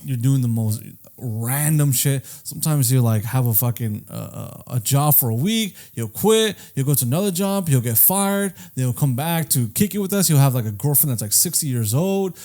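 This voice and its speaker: Male podcast co-host, casual, curses a lot, animated pitch, storyteller. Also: normal speed, hardly any pauses. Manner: rambling storyteller, swears often, acts out quoted friends. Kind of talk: casual chat.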